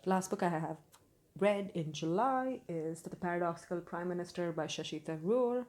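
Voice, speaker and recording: A woman's voice: fairly low pitch, expressive, moderate pace, darkish tone. A young woman giving a casual, candid book review, opinionated and full of fillers and restarts.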